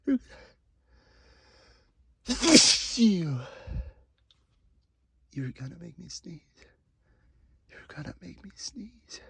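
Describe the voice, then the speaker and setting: Male voice for a whispered role-play, husky and gravelly, slow and halting, pleading between sneezes. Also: sits high, sing-song, mellow, dry recording, studio quality. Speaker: audio role-play performer.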